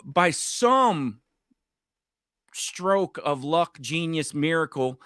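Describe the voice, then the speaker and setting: A middle-aged man, co-hosting a podcast and telling an animated story in casual chat, swearing freely. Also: a little high, very slow, clear, resonant tone, dry recording, studio quality. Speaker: podcast co-host.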